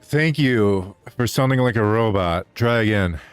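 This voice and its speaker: A man's voice: fairly low pitch, lively intonation, a little slow, clear, resonant tone, soft background music. A man streaming a game, grumbling and making sarcastic wisecracks as he plays. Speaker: gaming streamer. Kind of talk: casual gameplay commentary.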